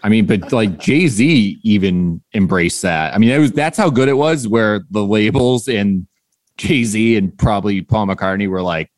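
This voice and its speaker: Male podcast cohost, low voice, excitable and profane, dry mic. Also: a little slow, no echo. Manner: enthusiastic, profane. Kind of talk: casual chat.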